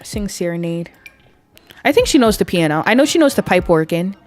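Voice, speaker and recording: A woman's voice: fairly low pitch, big pitch swings, brisk, a little mellow. A woman giving casual, amused commentary on her life-sim game, narrating what her characters do. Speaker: gameplay video creator.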